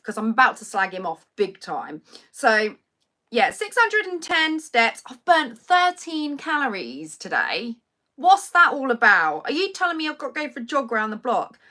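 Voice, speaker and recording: A young woman chats on a live stream, rambling from one story to the next and poking fun at herself. Her voice sits at an ordinary pitch for a woman, with a bright, forward tone. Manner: chatty, rambling, self-mocking. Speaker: singer and livestream host. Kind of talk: casual chat to a live stream audience.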